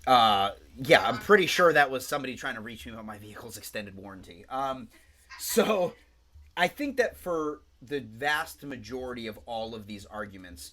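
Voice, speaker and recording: Bright-voiced male podcast co-host. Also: on the low side. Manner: rambling, profane, animated storytelling. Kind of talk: casual podcast chat.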